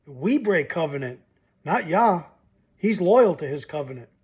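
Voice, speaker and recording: A man's voice: a little high, lively intonation, measured pace, darkish tone, slightly rough. A man reading Bible verses aloud and breaking off to comment and challenge his listeners, as in a sermon. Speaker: Bible teacher.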